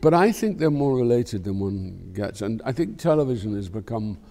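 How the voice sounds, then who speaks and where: Medium in pitch with big swings and a dark tone, an older actor with a Scottish accent speaks at normal speed over faint music. The interview is candid and conversational; he rambles, reflects, and swears freely.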